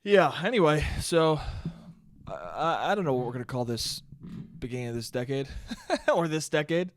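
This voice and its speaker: A young man hosting his own podcast, ranting alone in a casual, profane, animated way and calling listeners "dude.". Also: fairly high pitch, moderate pace, no room sound. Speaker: podcast host. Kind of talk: solo podcast rant. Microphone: studio mic he checks the levels on.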